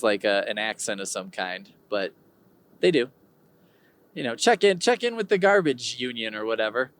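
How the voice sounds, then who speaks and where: A man hosting his own podcast, talking in a rambling, digressive way with wry humor. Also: mid-range voice. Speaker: podcast host. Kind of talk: casual solo podcast monologue.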